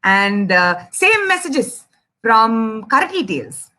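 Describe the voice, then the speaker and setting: Lively high-voiced Indian woman telling a kids' story. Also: slow pace. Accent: Indian English. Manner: animated, addresses kids directly. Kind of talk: children's storytelling.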